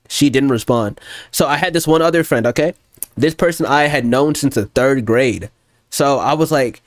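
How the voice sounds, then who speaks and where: Brief: young male streamer, casual profane rant, slangy rambling storyteller, dry close sound, mid-pitched voice. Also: normal speed, no room sound. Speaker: music producer streamer. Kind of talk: casual ranting stream chat.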